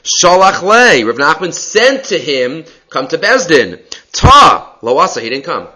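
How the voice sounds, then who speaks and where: A man teaching a text study class, reading passages aloud and explaining them in a relaxed, conversational way. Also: a little high, a little slow, poor audio. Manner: answers student questions. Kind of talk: Talmud class lecture.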